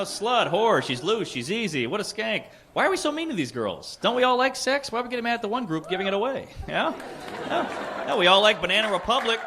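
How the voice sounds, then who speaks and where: A man doing a stand-up set in indignant mock outrage, acting out the guys he mocks. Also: sits high. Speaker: stand-up comedian. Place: comedy club stage. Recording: live club recording with loud crowd laughter and noise.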